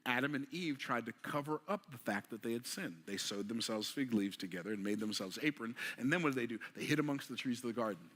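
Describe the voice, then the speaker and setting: A man preaching a motivational sermon, asking rhetorical questions in a casual, everyday way and moving between quiet passages and emphatic ones. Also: mid-range voice, animated, fast talker, few pauses. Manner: casual vernacular delivery.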